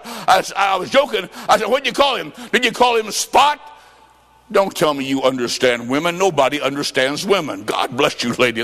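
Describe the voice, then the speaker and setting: A man preaching at a revival, telling a story and acting out voices, with bursts of shouting. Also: high voice, sing-song, moderate pace, in a large hall. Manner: dramatic, acts out quotes, shouts praise. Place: church revival service.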